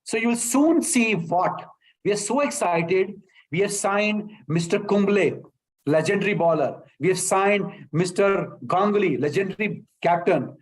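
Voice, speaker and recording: A man's voice: high-pitched, animated, measured pace, rough recording. A middle-aged man with an Indian English accent, giving a motivational training talk to sales reps in an emphatic, repetitive way. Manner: emphatic, repetitive, addresses listeners as sir.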